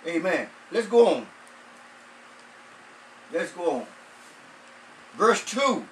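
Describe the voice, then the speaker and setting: A man's voice: sits high, sing-song, fairly bright tone, recorded from a distance, a little hiss or hum, low-quality recording. A man, a pastor, preaching a sermon, repeating phrases and stretching out words for emphasis. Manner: repetitive emphatic preaching, drawn-out stresses.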